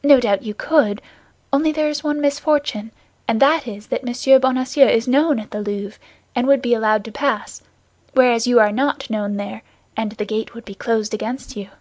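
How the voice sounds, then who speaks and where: Anxious young woman in an audiobook, read by a woman, urgent and pleading, slightly high, dry. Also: moderate pace, darkish tone, no echo, lightly acted.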